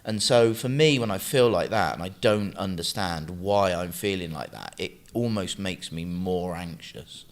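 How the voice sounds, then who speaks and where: A man co-hosting a podcast, talking in an earnest, halting, open way. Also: sits low, animated. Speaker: podcast co-host. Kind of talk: casual chat.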